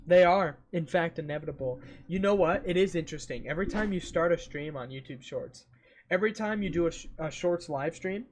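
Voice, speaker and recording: Thinking out loud on a livestream, this man rambles casually, lets sentences trail off, and fills the gaps with humming and scatting. He speaks with a fairly high pitch, a little fast, and there is a little hiss or hum.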